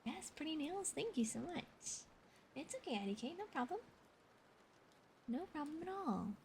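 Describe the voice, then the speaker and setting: A young woman in whispered role-play, reading a novel aloud and chatting softly with her stream's viewers. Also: sits high, big pitch swings, normal speed, creaky, slight background noise. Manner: whispers the reading, chats with viewers in a soft voice between passages.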